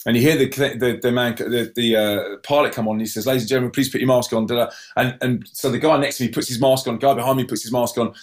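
A man telling a personal story in an animated way, stumbling over restarts and acting out other people's cries. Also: quick pace, hardly any pauses. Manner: acts out voices with sudden high yelps; many restarts and repeated words.

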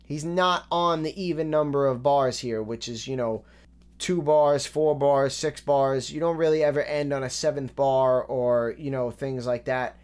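A man giving a casual, analytical breakdown of rap lyrics, relaxed and full of fillers. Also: medium pitch, measured pace, clean tone.

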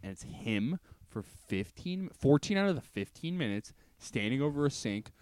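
A man's voice: medium pitch, very animated, moderate pace, darkish tone, no echo. A man co-hosting a podcast in casual chat, telling stories with lots of swearing and laughter. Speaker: podcast co-host.

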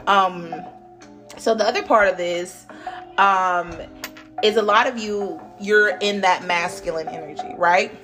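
A woman's voice: medium pitch, measured pace, fairly bright tone. A young woman talks straight to her listeners in a loose, unscripted card reading. She is blunt and chatty, drops curse words freely and laughs easily, with faint music playing under her voice. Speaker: tarot reader. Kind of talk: casual spiritual reading.

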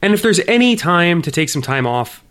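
A man's voice: high-pitched, big pitch swings, a little fast, fairly bright tone, clear, resonant tone. A man co-hosting a casual podcast, teasing his partner with dry humor. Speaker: podcast co-host.

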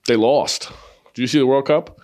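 Crude joking comedian podcast host. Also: male voice, mid-range voice, steady tone, normal speed, darkish tone. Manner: profane, joking, storytelling. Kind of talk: crude casual chat.

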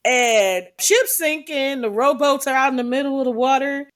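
A woman's voice: high-pitched, normal speed. A woman co-hosting a casual chat, telling funny stories and laughing often. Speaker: podcast co-host.

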